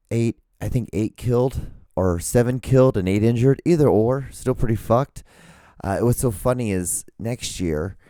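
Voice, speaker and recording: A man's voice: fairly low pitch, dark tone, no room sound, studio quality. A man hosting his own podcast in a casual, rambling solo monologue, profane and self-mocking. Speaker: podcast host.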